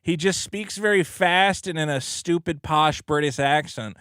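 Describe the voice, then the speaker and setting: A man's voice: a little high, a little slow, fairly bright tone, smooth, dry recording. A man co-hosting a podcast, ranting brashly and profanely in casual comedic chat. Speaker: podcast co-host.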